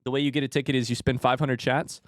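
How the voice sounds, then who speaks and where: A young adult man hosting a casual live stream, talking to chat and swinging from hushed remarks to loud excited outbursts. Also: mid-range voice, fast, dry recording, studio quality. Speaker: streamer host.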